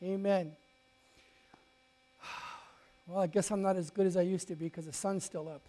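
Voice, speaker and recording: A male pastor preaching to a congregation in a storytelling way. His voice climbs loud and bright in excited moments, then drops to a near hush, with many stumbles and restarts. A faint mains hum sits under the recording. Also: high-pitched, moderate pace. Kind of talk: sermon.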